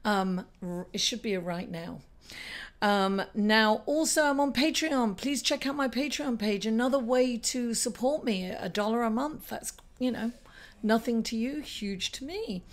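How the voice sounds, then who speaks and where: A woman hosting an astrology vlog, chatty and rambling, her voice slightly raspy and hoarse from shouting. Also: fairly high pitch, unhurried. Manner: chatty, rambling, with many ums and asides. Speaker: astrology channel host. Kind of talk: casual astrology vlog talk.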